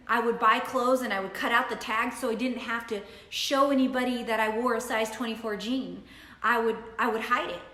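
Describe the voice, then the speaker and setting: A woman's voice: on the high side, fairly bright tone. A woman nutritionist telling her personal story in an earnest, emphatic way, repeating her points. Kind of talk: personal testimony talk. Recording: roomy echo.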